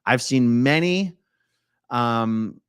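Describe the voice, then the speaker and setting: Guy hosting a livestream, super animated pitch, chatty, jumps from loud to mumbly. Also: very slow, clear, resonant tone. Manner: chatty, reads viewer comments aloud and jokes; lively, swings between loud exclamations and mumbled asides. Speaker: livestream host. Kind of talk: casual live-stream chat.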